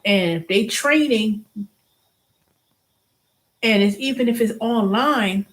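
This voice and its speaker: A middle-aged woman hosts a casual vlog, venting animatedly and acting out the voices of people she quotes. She often restarts and repeats herself, speaking slowly in a fairly high voice.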